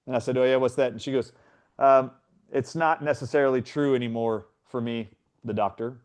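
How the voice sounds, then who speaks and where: A middle-aged man speaks as a guest, retelling his story with earnest animation and slipping into the voices of others. His pitch sits in an ordinary middle range for a man. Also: fairly even intonation, brisk, clear, resonant tone. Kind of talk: storytelling in a conversation.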